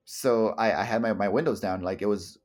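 A man's voice: fairly low pitch, a little fast, darkish tone. A young man co-hosting a casual podcast chat, rambling and swearing often, with many stammered restarts. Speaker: podcast co-host.

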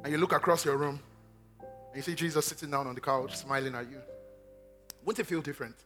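A man preaching a lively sermon. He jumps between loud exclamations and hushed asides, and he acts out the quoted voices. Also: on the high side, fairly quick, soft background music.

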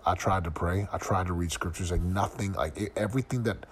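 A middle-aged man with a very low voice talks through a personal reflection for his podcast. His delivery is earnest and confessional, full of searching questions. A faint hum of room ambience sits behind him. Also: a little fast. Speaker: podcast host.

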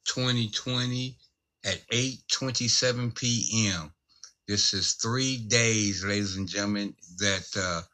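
A man co-hosting a podcast, addressing listeners as ladies and gentlemen and drifting off on tangents. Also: lowish voice. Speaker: podcast co-host. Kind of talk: casual commentary podcast.

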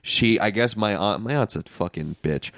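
A man's voice: on the low side, normal speed, a bit bright, no room sound, clean studio sound. A young man co-hosting a podcast, telling a rambling story full of "like" fillers in casual chat. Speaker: podcast co-host.

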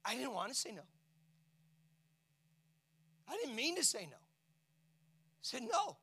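Middle-aged male pastor, high voice, emotional sermon delivery, hushed to shouting. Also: very animated, slow, breathy edge. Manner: emotional storytelling preaching, swinging from hushed to shouting.

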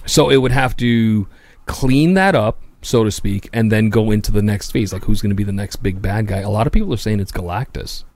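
A man's voice: a little fast, no room sound. Male podcast host, casual chat, profane jokes, dry close sound. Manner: profane, joking, laughs loudly and jumps high in pitch.

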